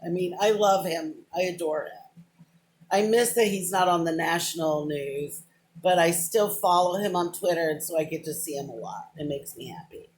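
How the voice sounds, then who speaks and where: A middle-aged woman talks straight into a nearby camera in a loose, rambling vlog and keeps drifting off topic before pulling herself back with "but anyway". Her voice sits a little low for a woman, and she is openly emotional. A faint hiss of room noise runs under her voice. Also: moderate pace. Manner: rambling, self-described, wanders off and says "but anyway". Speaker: vlogger. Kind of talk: casual rambling monologue to camera. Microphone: camera close to the face, within arm's reach.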